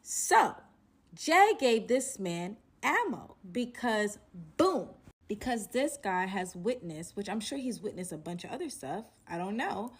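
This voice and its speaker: A young adult woman casually narrating a personal story to her viewers, animated and chatty, calling them "y'all" and leaning on "like". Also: medium pitch, husky. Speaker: storytelling vlogger.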